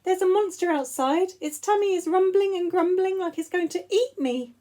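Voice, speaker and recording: Woman doing a high, scared little bear cub. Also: normal speed, warm tone. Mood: frightened. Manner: pleading, high and childlike.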